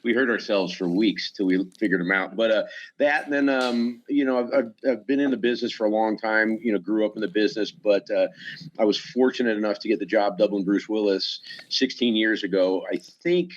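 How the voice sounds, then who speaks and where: A man's voice: fairly low pitch, brisk, highs cut off, a little hiss or hum. A man who works as a stuntman, a podcast guest telling casual stories and acting out the quoted lines in them. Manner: animated, acts out quoted dialogue in the story.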